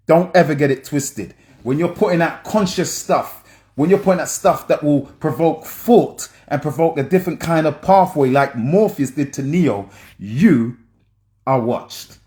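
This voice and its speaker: A man's voice: medium pitch, darkish tone. A man commenting on film scenes for his audience, emphatic and preacher-like, often checking in with "yeah?".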